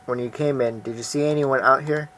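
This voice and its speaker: A man reading the lines of an anxious, lonely young woman shopkeeper in a game, soft and apologetic. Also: mid-range voice, steady tone, fairly quick, slight background noise, natural voice. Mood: wistful.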